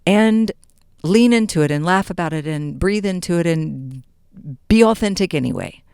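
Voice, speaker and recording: A woman hosting a podcast, giving an animated motivational talk with playful, mock-dramatic asides. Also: on the low side, moderate pace, vocal fry, clean tone, no room sound, clean studio sound. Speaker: podcast host. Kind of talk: motivational monologue.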